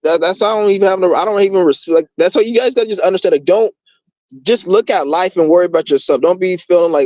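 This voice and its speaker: A man's voice: high-pitched, fast, darkish tone, dry recording. Profane, ranting man on a lo-fi recording. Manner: profane, rambling, heated. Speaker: vlogger. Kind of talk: casual ranting monologue. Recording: dull lo-fi dry recording.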